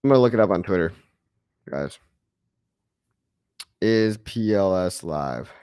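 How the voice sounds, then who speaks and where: A man's voice: sits low, lively intonation, unhurried, a little mellow, clear, resonant tone, dry recording, studio quality. A man hosting a casual livestream, reading viewer chat in a loose, chatty way, often saying "guys" and chuckling.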